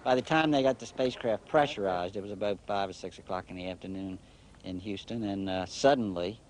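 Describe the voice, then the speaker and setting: Interviewee, lower-pitched man, deliberate recounting, faint background noise. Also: darkish tone. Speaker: former flight director. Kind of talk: documentary interview recollection.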